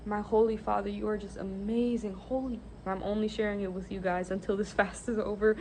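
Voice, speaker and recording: Brief: young adult woman, casual vlogger, excitable and gushing, mid-pitched, faint background hiss. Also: a little fast. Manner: excitable, gushing, lots of "like" and "literally". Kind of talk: casual faith vlog.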